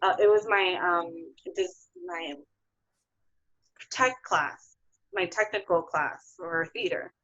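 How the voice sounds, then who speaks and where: A woman's voice: fairly low pitch, fairly even intonation, slow pace, a bit bright, dull audio. A woman theatre producer as a guest in a casual interview, chatty with many fillers.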